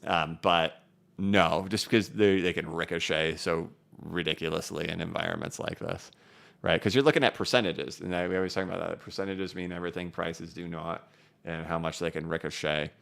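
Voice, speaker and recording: A man's voice: low voice, steady tone, a little fast, creaky, a bit bright. A male crypto livestream host chatting loosely with many fillers while reading out viewer comments.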